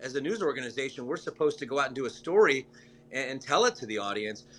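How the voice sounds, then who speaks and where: A male news guest talks at an everyday middle pitch. He rambles happily from point to point and lights up with enthusiasm as he chats. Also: expressive, quick pace, a bit bright, slight background noise. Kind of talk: casual interview chat.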